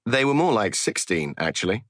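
A laid-back male true crime podcast host who jokes around, as a man reading the book plays him. His voice is low with a lively lilt. The sound is dry and close. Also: normal speed, no echo. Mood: casual. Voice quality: casual, joking. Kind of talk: audiobook reading.

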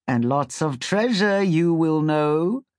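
A man voicing a second talking octopus, a bit deeper and easily offended, in a storybook. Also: big pitch swings, a little slow, mellow, breathy edge, dry recording, studio quality, exaggerated voice. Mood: coaxing. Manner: indignant.

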